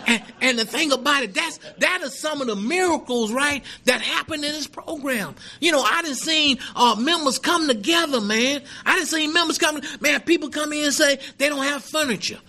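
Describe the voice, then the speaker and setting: A man's voice: very high voice, moderate pace, hardly any pauses, sharp tone. A middle-aged man sharing his recovery story at a meeting, earnest and emphatic, with many asides of "man" and "right?". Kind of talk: personal recovery testimony.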